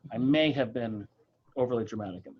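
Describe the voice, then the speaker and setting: A man leads a relaxed church book group, thinking aloud with fillers and restarts. His voice sits at an ordinary pitch. The sound is dull and lo-fi, like an online call. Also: breathy edge. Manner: thoughtful, halting, with many fillers and restarts. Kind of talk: casual group discussion.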